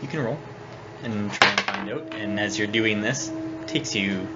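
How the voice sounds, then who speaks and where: A man narrating a tabletop game as its dungeon master, halting with many ums and uhs. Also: on the low side, heavy background noise. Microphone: phone on the table. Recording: dull phone recording.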